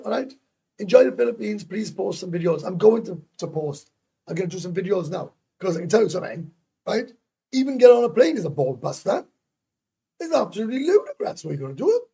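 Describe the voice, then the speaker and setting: This middle-aged Welsh livestream host delivers a casual rant, rambling bluntly, swearing and replying to viewer comments. His voice sits high and sounds creaky, warm and slightly rough.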